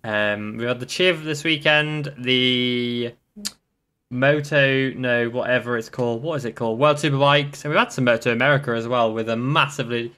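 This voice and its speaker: A man's voice: mid-range voice, moderate pace, pushed and bright. A man hosting a casual motorsport podcast, rambling and tripping over his words. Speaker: podcast host.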